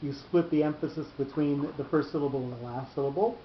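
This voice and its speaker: A man teaching a cantillation class, explaining slowly with long pauses. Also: a little high, steady tone, slight background noise. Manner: patient, explanatory, drawn-out pauses. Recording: echoey room, muffled lo-fi sound.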